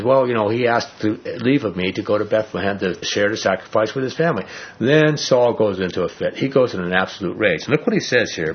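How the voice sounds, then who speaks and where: A man's voice: medium pitch, husky. A man teaching a Bible lesson as a pastor, conversational and folksy, often checking in with "all right?" on a muffled recording.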